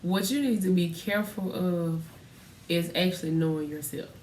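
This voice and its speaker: A woman co-hosting a casual podcast, telling stories and acting out quotes in a lively way. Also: fairly low pitch, normal speed, reverberant, recorded from a distance, slight background noise. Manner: animated storytelling, acts out quotes loudly. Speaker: podcast co-host. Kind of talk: casual faith podcast chat.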